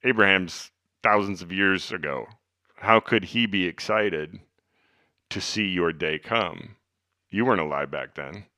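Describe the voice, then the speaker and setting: A man quoting indignant religious leaders, protesting in quick disbelief. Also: deep voice, sharp tone, no echo, clean studio sound, exaggerated voice. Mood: incredulous.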